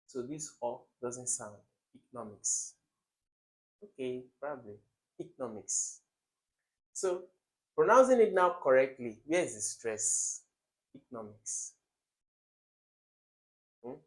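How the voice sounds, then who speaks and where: A young man tutoring English for exams, emphatic, repeating words and quizzing the viewer. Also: mid-range voice. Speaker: exam tutor. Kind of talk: recorded exam-prep lesson.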